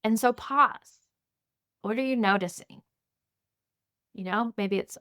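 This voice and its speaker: A woman's voice: on the high side, slow pace, long pauses, fairly bright tone. A woman teaching a mindfulness class, talking in a conversational way and asking her listeners many guiding questions. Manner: conversational, asks many guiding questions, frequent "you know" and "right". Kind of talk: recorded class lecture.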